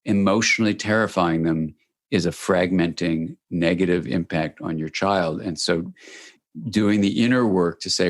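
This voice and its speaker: Low-voiced man explaining measuredly. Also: moderate pace. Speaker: guest expert. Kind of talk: interview answers.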